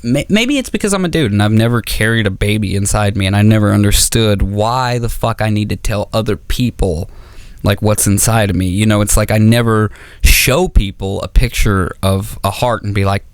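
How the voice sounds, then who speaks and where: A man's voice: lowish voice, moderate pace, dry recording. A man doing a stand-up comedy routine, telling profane stories and acting out both sides of the arguments in raised voices. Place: comedy auditorium stage.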